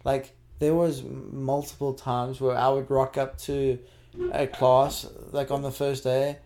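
A young man co-hosts a casual chat, rambling and filling his sentences with "like." His voice is mellow and dark, with a middle pitch. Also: level tone, measured pace. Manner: rambling, heavy use of "like". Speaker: podcast co-host.

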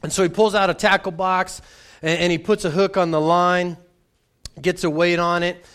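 A man's voice: high voice, fairly even intonation, normal speed, a bit bright, clear, resonant tone. A man who is a pastor, preaching in a conversational way and often repeating words as he restarts. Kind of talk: sermon with a personal story.

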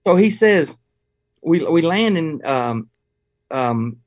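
A Southern-accented man from Georgia talks in a fairly high, bright voice for a man. He spins hunting yarns with a folksy, animated delivery and chuckles through them, in a relaxed interview chat. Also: takes it slowly. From Georgia, USA. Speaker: hunting guest. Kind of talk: casual interview storytelling.

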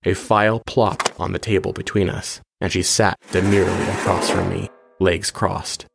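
Deep gravelly man narrating sci-fi. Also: little pitch movement, normal speed, music in the background. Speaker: podcast host and narrator. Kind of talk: first-person sci-fi story narration.

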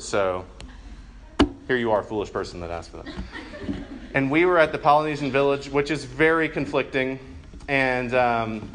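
A man in his thirties preaching a sermon in a conversational, humorous way, with quick asides to the congregation. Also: medium pitch, a bit bright, a little hiss or hum. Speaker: pastor.

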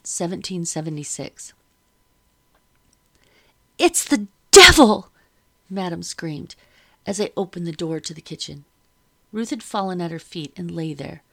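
Woman, audiobook narrator, low-pitched, gravelly, measured reading. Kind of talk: first-person audiobook narration.

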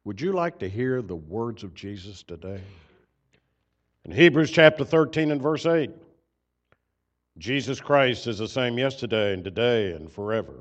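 A man preaching a sermon through a microphone in a church, earnest, growing loud on key points and dropping soft between them. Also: mid-range voice, animated, moderate pace, muffled recording. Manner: earnest, swells louder on key points then drops soft. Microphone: microphone system.

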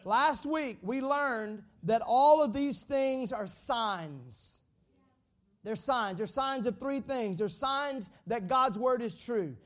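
Lively preaching man with a twang. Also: very high voice, slow. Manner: lively, joking with the congregation, calls for responses. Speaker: pastor. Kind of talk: sermon.

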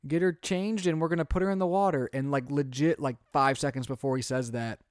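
A man in his thirties, a podcast co-host and father, chatting casually and telling animated stories. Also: fairly high pitch, fairly quick, clear, resonant tone, dry recording, studio quality. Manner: chatty, animated storytelling with quoted voices. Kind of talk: casual chat.

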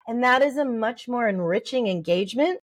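A middle-aged woman giving parenting advice in a podcast interview, lively and acting out little exchanges with babies. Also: on the high side, brisk. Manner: animated, acts out parent-baby talk. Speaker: guest, early development expert.

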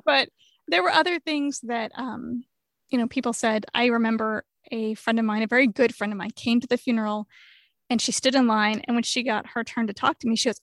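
Woman, higher register, candid and blunt, quick to laugh; dry close podcast mic. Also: no room sound. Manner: frank, laughs easily, swears. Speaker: guest sharing grief story.

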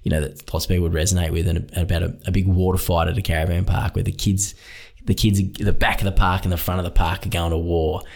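A man with an Australian accent, a children's author chatting as an interview guest in a relaxed, self-deprecating way. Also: low voice, fast talker, creaky, few pauses, breathy edge. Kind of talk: casual interview chat.

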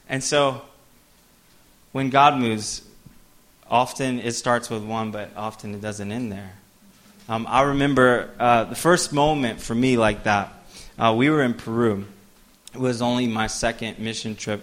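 A middle-aged man preaching a sermon, telling a personal story, with animated bursts and softer asides. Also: on the low side. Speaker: pastor.

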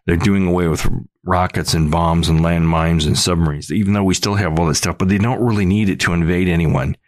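A man's voice: low voice, steady tone, brisk, dry recording. A middle-aged man hosting a podcast, talking in an earnest, rambling monologue full of restarts. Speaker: podcast host.

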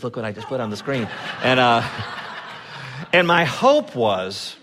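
A male pastor giving a sermon in a church sanctuary, telling stories in a conversational way and acting out quoted voices with lively swings. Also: lowish voice.

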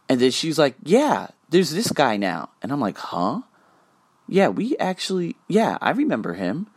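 A man talks through a story in a casual monologue, his pitch rising and falling a lot. He swears freely and acts out what other people said. The sound is close and dry, with no room around it. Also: no echo. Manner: animated, swears freely, acts out quoted dialogue. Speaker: podcast host.

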